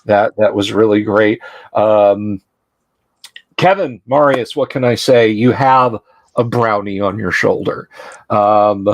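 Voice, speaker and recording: A man's voice: lowish voice, slow, lo-fi sound. A man hosting a livestream as game master, talking in a chatty, loose way with lots of fillers. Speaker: game master and stream host. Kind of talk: live-streamed tabletop game narration.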